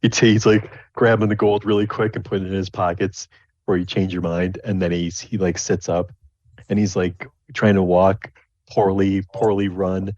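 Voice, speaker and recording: A man's voice: low voice, flat delivery, normal speed, a little mellow, dry recording. A man narrating as game master of a tabletop game, rambling with many restarts. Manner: rambling, full of restarts and fillers, slips into character voices. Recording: dull, lo-fi dry recording.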